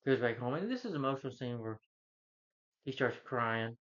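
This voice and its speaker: A man's voice: medium pitch, animated, a little fast, a bit bright. A man at home recapping a film's plot in a loose, rambling way, full of "you know" and restarts. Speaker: movie reviewer. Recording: dull lo-fi sound.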